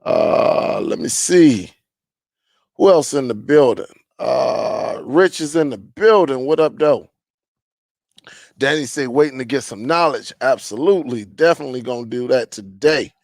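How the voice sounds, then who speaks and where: A man hosts a laid-back live chat, greeting viewers one by one and reading their comments aloud. His mid-pitched voice has a gravelly fry, and it sounds close and dry, with no room around it. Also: animated, a little slow, darkish tone, dry recording. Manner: rambling with many fillers. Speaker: live stream host.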